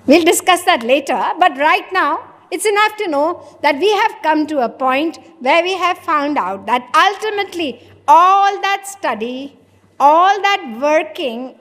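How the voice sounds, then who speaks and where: A woman giving a sermon, asking rhetorical questions and acting out imagined conversations. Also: high voice. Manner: rhetorical, plays out imagined dialogues. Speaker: spiritual lecturer. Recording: long hall reverb.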